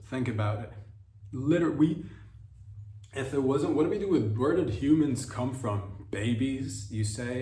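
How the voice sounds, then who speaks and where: A comedy podcast host riffs through an absurd, rambling monologue, frequently correcting himself mid-sentence. His mid-range, slightly mellow voice sounds reverberant, as if picked up by a distant mic.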